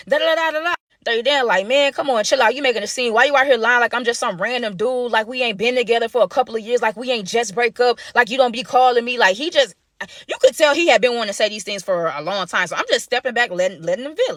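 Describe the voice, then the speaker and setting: A woman telling a workplace story in a casual storytime vlog, animated and dramatic, talking straight to her viewers with lots of slang. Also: on the high side, fast talker, dry recording, studio quality.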